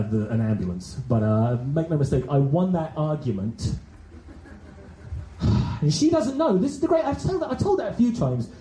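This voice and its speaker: Male stand-up, raunchy and self-mocking, lively pitch, echoey small venue. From England. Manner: rambling, self-deprecating, crude, talks back to a small audience. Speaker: stand-up comedian. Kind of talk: stand-up comedy set. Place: small comedy venue with few people.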